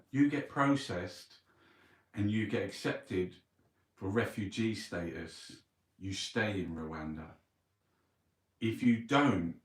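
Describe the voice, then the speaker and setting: A man reads and mocks the day's papers in a blunt, sweary rant, his voice sitting low. The sound is roomy and picked up from some distance away from the mic. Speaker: online show host. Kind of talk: casual newspaper review rant.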